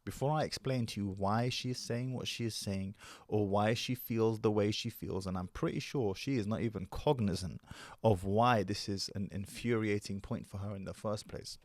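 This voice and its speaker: A man hosting a commentary channel who lectures his audience at a measured pace. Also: on the low side, a little mellow, no room sound. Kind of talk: commentary video monologue.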